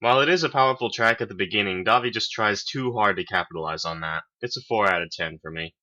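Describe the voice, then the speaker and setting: Low-ish man, forceful and tense tone, sardonic reviewer, muffled lo-fi sound. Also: fast talker. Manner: dry, sarcastic. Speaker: host, album reviewer. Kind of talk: semi-scripted review.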